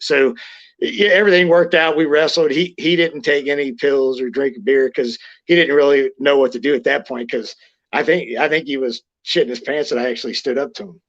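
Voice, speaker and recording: A man's voice: medium pitch, a little fast. A middle-aged man, a former wrestler, telling stories in a casual interview, blunt and profane, rambling with restarts. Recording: lo-fi muffled audio.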